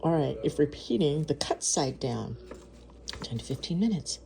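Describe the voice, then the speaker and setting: A woman's voice: low voice, lively intonation, moderate pace, gravelly, noisy background. Gushing woman food vlogger. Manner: gushing, gasps and moans over food. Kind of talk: casual unboxing and tasting. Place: home kitchen.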